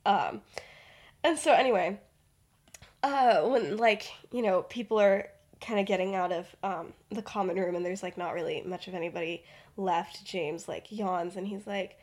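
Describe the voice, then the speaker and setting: A woman's voice: mid-range voice, normal speed. A young woman hosting a podcast, retelling a story in a rambling, casual way full of fillers. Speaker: podcast host.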